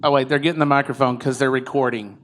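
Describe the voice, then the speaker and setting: A man's voice: medium pitch, fairly even intonation, fast talker. A man, a political candidate giving a chatty, joking conference speech. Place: conference room with audience.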